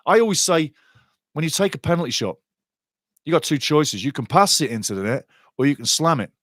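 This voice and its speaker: A man hosting a soccer show, giving blunt, excitable live commentary on a penalty shootout. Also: on the high side, fairly quick, dry recording, clean studio sound. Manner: excitable, blunt, swings from laughing to outraged shouting. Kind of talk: live watch-along commentary.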